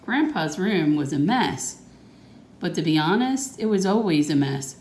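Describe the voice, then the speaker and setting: A woman reading a picture book aloud to children, gently pointing out the pictures. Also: fairly low pitch, lively intonation, measured pace. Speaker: reader. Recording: echoey room.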